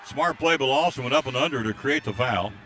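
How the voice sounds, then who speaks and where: Faint crowd noise fills the background as a man announces a high school basketball game from courtside. He calls the action play by play, speeding up excitedly during fast breaks, and also reads out the scores and greetings sent in by listeners.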